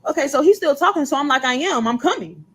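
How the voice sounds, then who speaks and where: Young woman with a high voice, earnest story-time vlog, repeats herself. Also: expressive, fast, rough recording. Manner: earnest, repetitive retelling. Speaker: storyteller in a played clip.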